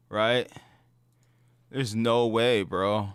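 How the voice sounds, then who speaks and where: A man's voice: fairly high pitch, moderate pace, no echo, clean studio sound. A man telling a story casually to camera, slangy and profane, acting out sounds and voices as he goes. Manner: slangy and profane, peppered with "bro" and "dude"; animated, acts out sounds and voices. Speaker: gaming channel host.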